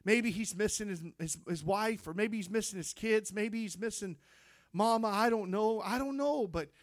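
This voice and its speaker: A male preacher tells his testimony with fervent, building energy. His voice sits high for a man. The sound is dry and close, with no room echo. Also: normal speed. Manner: fervent storytelling, rising to shouts. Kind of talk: sermon testimony.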